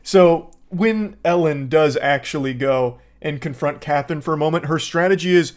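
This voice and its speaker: A man's voice: fairly high pitch, moderate pace, hardly any pauses. A man, an online movie reviewer, ranting in a sarcastic, exasperated and profane style. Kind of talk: casual ranting commentary.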